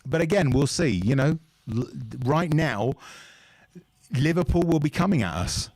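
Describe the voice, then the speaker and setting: A man's voice: fairly high pitch, animated, unhurried, a little mellow, dry recording. Chatty man commenting on a live match. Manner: chatty, opinionated analysis. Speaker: fan channel co-host.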